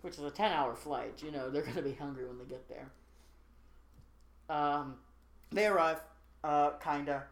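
A podcast co-host in casual chat, recapping a movie plot in a rambling, joking way with lots of fillers and quick asides. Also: medium pitch. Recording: roomy echo.

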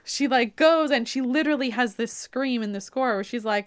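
A woman hosts a podcast in a chatty, animated way, walking through an opera story with plenty of "like". Her voice is smooth and clear. The sound is dry and close to the mic. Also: a little high, normal speed, hardly any pauses, dry recording. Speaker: podcast host. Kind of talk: casual retelling of an opera plot.

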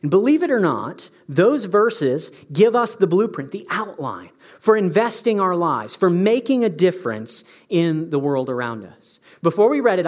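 A male pastor giving a conversational, emphatic sermon, often checking in with his listeners. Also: fairly high pitch. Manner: conversational, emphatic, asks the audience questions.

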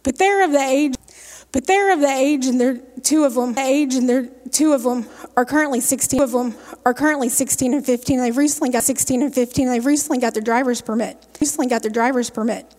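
A woman with a high-pitched yet darkish voice speaks quickly in a steady tone, with hardly any pauses. As a lay speaker, she gives a homespun, folksy devotional talk, repeating her phrases as she goes. The long reverb of a large hall surrounds the recording.

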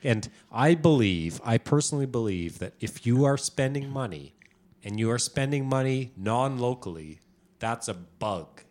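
A man's voice: medium pitch, lively intonation, normal speed, darkish tone. A man co-hosting a casual podcast, giving his opinions in a wry way. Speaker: podcast co-host. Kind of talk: casual banter.

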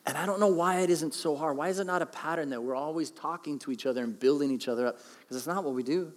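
Pastor preaching in a reverberant hall. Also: male voice, fairly high pitch, fast. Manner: conversational, self-deprecating, acts out quotes. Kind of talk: sermon.

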